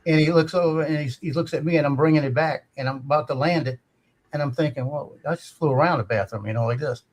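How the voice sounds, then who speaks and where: A man's voice: a little high, quick pace. A man, a guest drone pilot telling a long casual story and repeating himself. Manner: rambling, acts out voices, repeats himself. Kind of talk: casual storytelling on a live stream.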